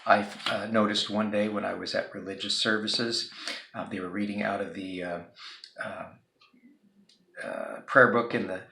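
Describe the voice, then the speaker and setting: A man's voice: on the low side, fairly even intonation, normal speed, gravelly, sharp tone, reverberant, slight background noise. A male instructor giving a recorded video lecture in a casual, joking way, with frequent ums and uhs. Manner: casual, joking, filler-heavy.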